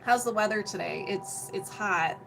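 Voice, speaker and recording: A young woman hosts a casual energy-healing livestream from home, her medium-pitched voice carrying vocal fry at a moderate pace over music on a low-quality recording. She's bubbly and chatty, greeting viewers by name, laughing often, and mentioning that she feels hot and sweaty as she chats and explains things.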